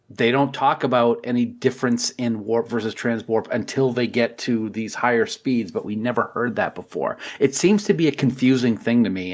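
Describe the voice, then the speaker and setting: A man co-hosting a casual podcast, enthusiastic and quick to laugh, musing over questions aloud. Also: medium pitch. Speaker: podcast co-host.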